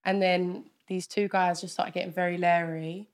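A woman's voice: on the low side, level tone, moderate pace. A young woman, a podcast guest, telling a story in laid-back casual chat.

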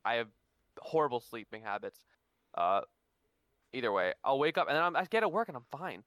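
A man telling workplace stories in a casual podcast chat, animated and swearing freely. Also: mid-range voice, a little fast, clean tone, no room sound. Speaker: podcast co-host.

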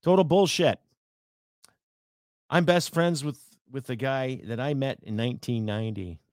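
A man's voice: mid-range voice, a little slow. Blunt, profane Canadian man ranting. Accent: Canadian English. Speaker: podcast host. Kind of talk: opinionated solo podcast monologue.

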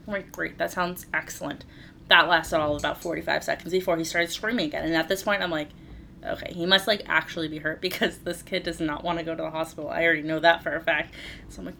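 A woman's voice: deep voice, steady tone, brisk, bright, forceful tone, slight background noise. A woman in her thirties, co-hosting a podcast, telling a story in casual chat with laughs and swearing. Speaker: podcast co-host.

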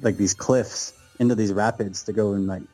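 A man's voice: fairly low pitch, fairly even intonation, normal speed, warm tone, soft background music. A man co-hosting a podcast in casual chat, easygoing and saying "dude" and "man" a lot. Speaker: podcast co-host.

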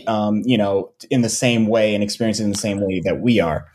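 A man, a comics creator being interviewed, talking casually about his books with many pauses and restarts. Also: on the low side. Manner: relaxed, many ums and restarts.

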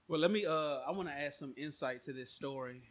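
A young man telling a story on a podcast in an animated way, laughing as he goes. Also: on the high side, fast, reverberant, rough recording. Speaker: podcast co-host. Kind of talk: casual chat.

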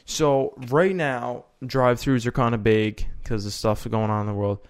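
A man's voice: medium pitch, fairly even intonation, normal speed, clear, resonant tone. A young man co-hosting a casual sports podcast, rambling and often checking in with "right?". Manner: rambling, repeats himself, asks "right?". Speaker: podcast co-host. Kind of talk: casual chat.

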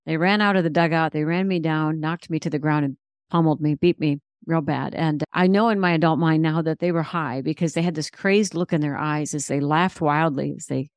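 A woman's voice: sits low, steady tone, a little fast, smooth, no echo. Middle-aged woman, podcast guest, faith testimony, earnest storytelling, dry close sound. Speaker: guest author and speaker.

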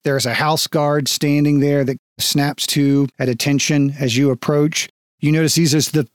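A man narrating as game master of a tabletop game, relaxed and descriptive. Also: medium pitch, no room sound, studio quality. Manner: relaxed, descriptive, with small restarts.

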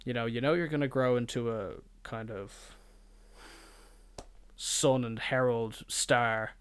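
A man's voice: medium pitch, fairly even intonation, slow, fairly bright tone, clean tone. A young adult man, hosting a podcast in a rambling, jokey, profane monologue. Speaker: podcast host.

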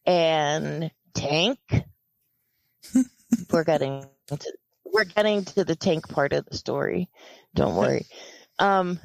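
A woman's voice: sits low, takes it slowly, vocal fry, pauses often, dry recording, rough recording. Chatty woman telling a long story, voice jumps all over, lots of laughing, dry close sound. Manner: animated, quotes people in lively voices, laughs often. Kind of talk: casual storytelling chat.

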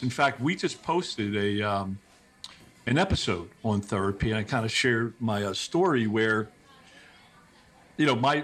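A middle-aged man, a podcast guest, telling personal stories in a casual, animated way, with many restarts and quick asides. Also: on the low side. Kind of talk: casual conversational storytelling.

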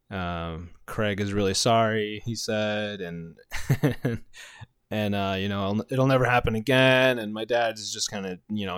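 A man's voice: lowish voice, smooth, dry recording, studio quality. A middle-aged man telling a casual anecdote in a rambling way, often chuckling in the middle of his sentences. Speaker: storyteller.

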